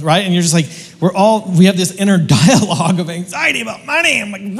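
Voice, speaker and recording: Pastor, male, high-pitched, chatty and jokey, preaching in a reverberant hall. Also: lively intonation, fast, few pauses. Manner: casual, joking, slangy preaching with lots of restarts. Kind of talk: sermon.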